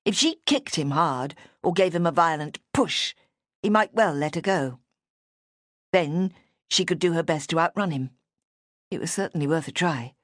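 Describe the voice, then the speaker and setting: A woman narrates a mystery novel in a measured, steady manner, her voice sitting low and deep. The recording is close-miked and completely dry, with no room around her. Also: dry recording. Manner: measured, even storytelling. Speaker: audiobook narrator. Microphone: close studio microphone.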